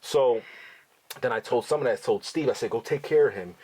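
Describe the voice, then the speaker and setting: A man's voice: mid-range voice, brisk, dark tone, breathy edge. A middle-aged father hosting a podcast, telling his son stories in a blunt, profane, outspoken way. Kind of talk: casual storytelling to his son.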